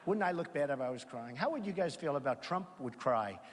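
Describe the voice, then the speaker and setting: A man addresses a crowd at a campaign rally. His voice sits a touch high and swings up and down in lively bursts as he rambles and boasts, repeating his points. The sound carries the long echo of a large hall. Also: fairly quick, slight background noise. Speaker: political candidate. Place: large hall at a college event. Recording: echoey reverb of a large hall.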